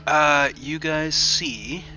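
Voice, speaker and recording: A man runs a tabletop game as its game master, narrating the action in a relaxed, casual way with plenty of pauses. His tone is strikingly bright and forceful, and faint music plays behind him. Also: fairly high pitch, dull audio. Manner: easygoing, casual, says "uh" often.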